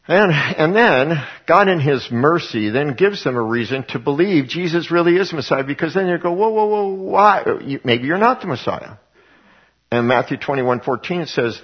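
A man's voice: mid-range voice, slightly rough. A man preaching a Bible study, reading scripture and acting out the voices of people in the stories. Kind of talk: Bible teaching. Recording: dull lo-fi recording.

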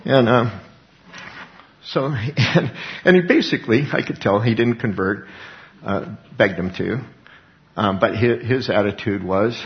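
A man's voice: on the low side, unhurried, long pauses. A man preaching a sermon, emphatic, with rhetorical questions and repeated words. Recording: dull lo-fi recording.

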